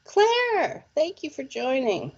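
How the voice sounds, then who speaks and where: Doing psychic readings on a live stream, this woman presenter talks chattily with viewers, scattering "okay?" and "like" throughout. Her voice is lowish, expressive and a little mellow, delivered at a slow pace. The recording sounds muffled.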